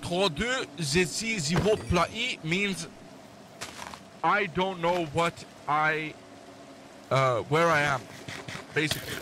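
Excitable guy gaming with a friend, kinda high voice, noisy game audio. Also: slow, long pauses. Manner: excitable, joking, talks to his friend. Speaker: gaming channel host. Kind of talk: casual let's play chat.

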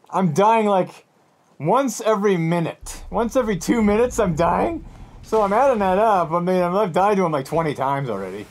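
A young man narrates his own gameplay in a loose, running commentary, swinging his pitch up and down as he reacts. He mutters to himself, then bursts into loud complaints at the screen. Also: normal speed, slight background noise. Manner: excitable, talks to himself and yells at the game. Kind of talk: casual let's-play commentary.

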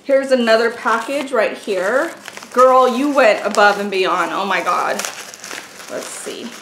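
A woman's voice: a little high, slow. Gushing woman unboxing in an echoey room. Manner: gushing, exclaims often over each item. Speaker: beauty and craft vlogger. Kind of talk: casual unboxing chat. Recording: echoey room with faint noise.

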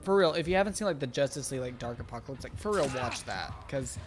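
Brief: male game streamer, lively pitch, loose and rambling. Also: fast, over music. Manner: rambling, many "like" fillers, laughs often. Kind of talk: casual gaming stream chat.

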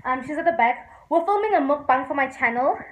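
A woman taking over a friend's vlog indoors, excited and teasing, laughing and swearing as she banters. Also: high-pitched, brisk. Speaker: fellow YouTuber. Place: indoors in a house. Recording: echoey room with noise.

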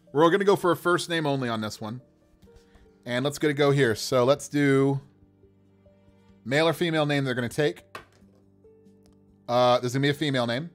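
A man's voice: a little high, normal speed, long pauses, faint music behind. A man running a casual livestream as game master, rolling dice to build characters, talking to viewers with enthusiasm and frequent laughter.

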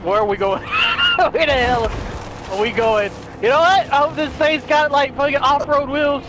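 A young man with an unusually high voice calls out his co-op game in excited bursts. His pitch swings widely as he shouts and laughs through the chaos. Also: normal speed, over a noisy crowd, heavy background noise. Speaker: gamer playing co-op. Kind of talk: excited gameplay banter.

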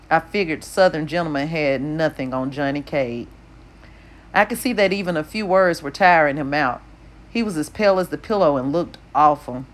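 A woman narrates an audiobook in a low voice. Her delivery is steady and even, with an unhurried storytelling manner.

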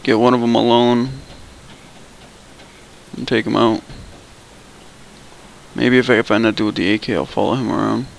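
A man's voice: mid-range voice, fairly even intonation, moderate pace, gravelly, pauses often, a little hiss or hum, poor audio. A young man chatting loosely and swearing while he narrates his gameplay for viewers. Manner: loose, swearing, thinking aloud. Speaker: gameplay video creator. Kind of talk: casual gameplay commentary.

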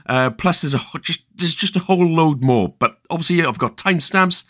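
A Welsh man narrates a game achievement walkthrough, his voice sitting a little high and swinging widely in pitch. He keeps dropping playful, jokey asides between instructions. He sounds like a regular gaming host talking straight to his viewers. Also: lively intonation, fairly quick, fairly bright tone.

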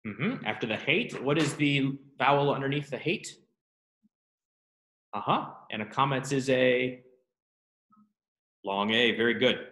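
A man teaching a Hebrew grammar class, talking students through the exercises with relaxed, self-deprecating asides and quick questions. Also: mid-range voice, roomy sound. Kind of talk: classroom lesson.

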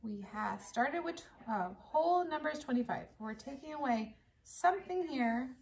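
A woman teacher giving a playful recorded math lesson to young children, talking gently and laughing at herself. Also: high-pitched, expressive, moderate pace, vocal fry. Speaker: elementary school teacher.

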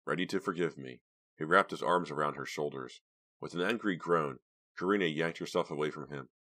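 Very deep-voiced male narrator. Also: fairly quick, bright, forceful tone. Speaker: audiobook narrator. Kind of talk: scripted narration.

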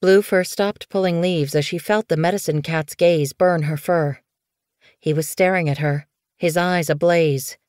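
A woman narrating an audiobook in a steady, measured storytelling voice. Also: on the low side, clear, resonant tone, dry recording, studio quality.

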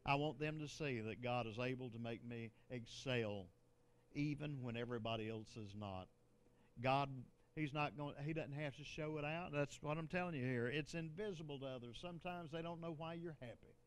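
A man's voice: mid-range voice, normal speed, clear, resonant tone. An older man, a bishop, preaching a sermon in a conversational way, with joking asides and laughter.

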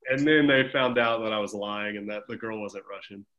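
Encouraging coach on a video call. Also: male voice, fairly low pitch, fairly quick, dull audio. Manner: encouraging, chatty, teasing. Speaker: swim coach. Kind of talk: casual group video call check-in.

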